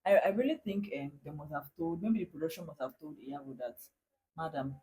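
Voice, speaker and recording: A woman with a lowish voice chats casually. She hesitates, restarts and lets her sentences drop into quiet asides. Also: lively intonation, quick pace, slightly rough, rough recording. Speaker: podcast co-host. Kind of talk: casual recap chat.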